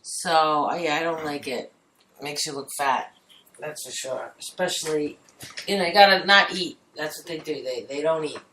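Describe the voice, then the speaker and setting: A woman's voice: low-pitched, moderate pace, sharp tone, far from the mic. A woman co-hosting a talk show in casual chat, blunt and grumbling, swearing freely. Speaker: co-host. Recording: echoey room, off-mic, faint noise.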